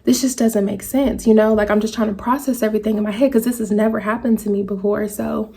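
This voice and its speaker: A woman in a vlog telling a personal story to her viewers, speaking in a halting, emotional way. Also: mid-range voice, fairly even intonation, creaky, warm tone, slightly rough. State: tearful at times. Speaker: vlogger. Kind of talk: personal story told to camera.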